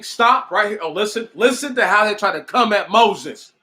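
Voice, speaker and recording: Man reading scripture slow and careful, high bright voice, then jumping in with slangy remarks. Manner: slow, deliberate reading broken by lively slangy asides. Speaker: Bible study podcaster. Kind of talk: scripture reading with casual commentary.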